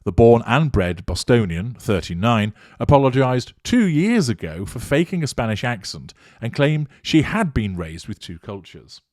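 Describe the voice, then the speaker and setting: A man giving a measured, emphatic commentary monologue, reading and analysing an article in formal wording. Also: mid-range voice, big pitch swings, darkish tone, dry recording, clean studio sound. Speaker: commentator on narcissism.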